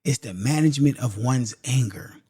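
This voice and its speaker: A man's voice: medium pitch, normal speed, dark tone, breathy edge, no echo, clean studio sound. A man hosting a podcast, giving a casual motivational talk straight to his listeners, driving points home by repeating them. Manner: emphatic, repeats points for stress; casual, addresses listeners directly as y'all. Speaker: podcast host.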